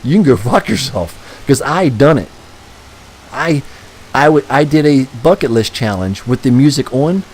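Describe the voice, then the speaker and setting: A man's voice: mid-range voice, sing-song, moderate pace, poor audio. A man live-streaming a racing game, rambling and ranting crudely to his chat with frequent swearing and chuckles. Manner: profane, ranting, chuckling often.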